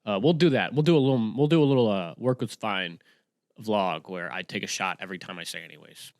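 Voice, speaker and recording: A young man hosting a casual solo podcast, rambling and excitable, breaking into sudden bursts of yelling. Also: on the low side, fairly quick, no room sound, clean studio sound. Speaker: podcast host.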